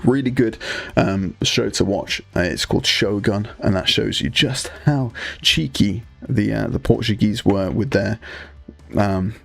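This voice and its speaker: A young Northumbrian man chats loosely on a live stream, his low voice gravelly and a little husky. He rambles, restarts his sentences and throws in crude banter, with faint guitar music playing under him. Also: unhurried, a bit bright, dry recording. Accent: Northumbrian English. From Northumberland, England. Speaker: livestream host. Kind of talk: casual live-stream chat while painting miniatures.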